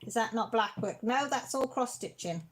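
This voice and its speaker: Speaking at a normal speed in a fairly high, animated voice, this woman hosts a homey craft livestream with a little hiss or hum in the background. Chatty and kind, she turns teary and close to tears while thanking everyone watching.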